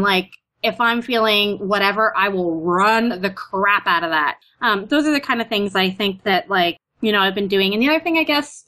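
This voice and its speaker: Canadian woman, bright tone, casual chat, animated storytelling. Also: medium pitch. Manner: chatty, lots of "like" and "you know", animated retellings. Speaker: guest.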